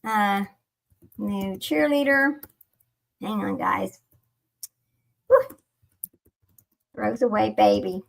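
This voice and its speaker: Gravelly, rambling woman host. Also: medium pitch, extremely slow, pauses often. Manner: rambling, distracted, incredulous. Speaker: channel host. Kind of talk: casual commentary while browsing videos.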